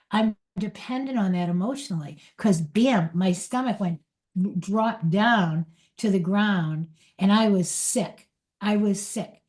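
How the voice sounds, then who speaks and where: At a spiritual talk for her community, a middle-aged woman recounts a personal story with frank, confessional honesty. Her voice is mellow and middle-pitched; she stops and restarts sentences and often laughs at herself along the way.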